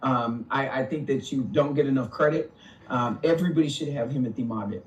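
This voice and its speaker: A man in a voice chat, roasting others in a brash, mocking, drawn-out way. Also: mid-range voice, recorded from a distance. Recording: roomy sound from off the mic.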